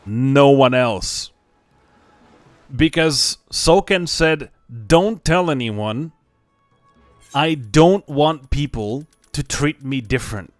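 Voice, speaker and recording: A man's voice: medium pitch, slow, dry recording, soft background music. A young man chatting casually on a game stream, swearing freely and laughing often. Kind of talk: casual live stream chat.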